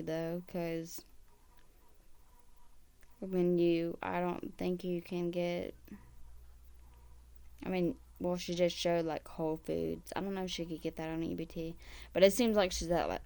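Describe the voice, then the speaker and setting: A woman commenting on a clip in a slow, unhurried drawl with a gravelly, creaky edge. She rambles, trails off and restarts, sounding incredulous. Her pitch sits somewhat low. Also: a little mellow. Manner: incredulous, rambling, self-interrupting. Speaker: reaction commentator. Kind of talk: casual reaction commentary.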